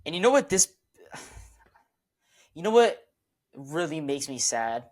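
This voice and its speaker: A man's voice: fairly high pitch, very animated, unhurried, a little mellow. A man co-hosting a casual sports podcast, emotional and rambling, often repeating himself. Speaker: podcast co-host.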